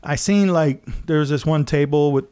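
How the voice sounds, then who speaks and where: A man's voice: fairly high pitch, moderate pace, clean tone. Guy telling his story on a podcast, casual, does little voices for people, laughs a lot. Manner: animated, acts out quotes, laughs often.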